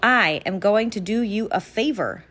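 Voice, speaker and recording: A woman's voice: mid-range voice, animated, normal speed, a bit bright. A woman voicing a friendly, eager male city dog in a storybook read-aloud, with a bouncy manner. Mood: confident.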